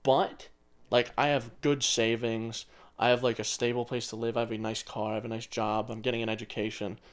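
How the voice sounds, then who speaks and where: A young man in his twenties co-hosts a casual podcast chat. He rambles through his stories with loose, offhand swearing. His voice sits at an ordinary pitch for a man. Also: flat delivery, fairly quick. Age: 20s. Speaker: podcast co-host.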